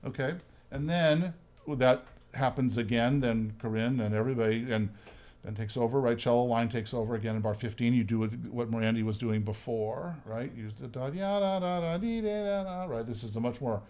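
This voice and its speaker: With musicians playing in the room, a man runs a hands-on violin workshop, chatting, singing phrases and checking in with frequent "right?" and "okay?" while coaching. His medium-pitched voice is steady, a little mellow and a little fast.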